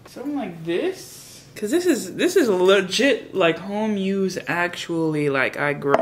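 A woman chatting casually to camera in her home kitchen, slangy and thinking out loud, now and then slipping into a put-on British accent. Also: mid-range voice, animated, unhurried, few pauses, very noisy. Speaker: vlogger. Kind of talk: casual vlog chat.

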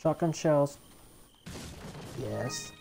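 Woman, low voice, let's play commentary, swears a lot, easily exasperated, faint hiss. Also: very slow, vocal fry, dark tone. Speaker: gamer.

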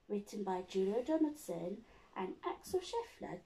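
Slow, lively teacher reading aloud. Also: female voice, medium pitch, creaky, rough recording. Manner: expressive storytelling, speaking to a child listener. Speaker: class teacher. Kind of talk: reading a picture book aloud to young children.

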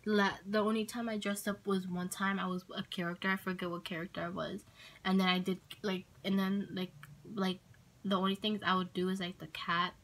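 Brief: casual woman vlogger, mid-pitched, hesitant and chatty. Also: flat delivery, fairly quick, fairly bright tone, rough recording. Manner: rambling, hesitant, with many ums and likes. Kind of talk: casual Q&A tag video.

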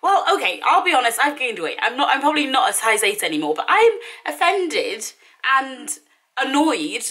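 A young woman in her twenties, a vlogger, chats casually through a try-on haul at home, dramatic, self-mocking and exasperated. Her high-pitched voice swings widely in pitch at a moderate pace with a sharp tone. The room is echoey and the mic sits at a distance.

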